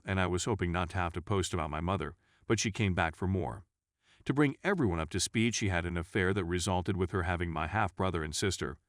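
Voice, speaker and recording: A man's voice: lowish voice, no echo, clean studio sound. A man reading online stories aloud as scripted narration, voicing each dialogue tag as a letter. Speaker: story narrator.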